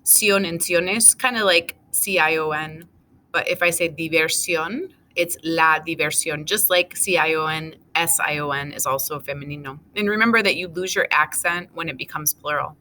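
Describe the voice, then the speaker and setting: A woman teaching a recorded class, going over answers item by item in a steady, methodical way. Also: sits low, normal speed, slight background noise. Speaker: Spanish teacher.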